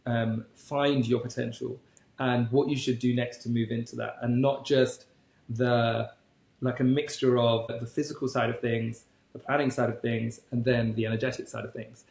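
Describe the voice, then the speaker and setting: Teasing man with gravelly voice. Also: medium pitch, level tone, normal speed, darkish tone, echoey room, poor audio. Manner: teasing, wry. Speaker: podcast co-host. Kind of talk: casual chat.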